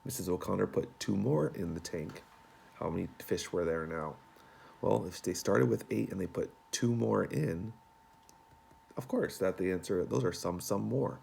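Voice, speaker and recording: A man as a teacher, walking young students through homework in a relaxed, folksy way with many fillers. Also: low-pitched, moderate pace, creaky, a little hiss or hum. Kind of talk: remote homework walkthrough.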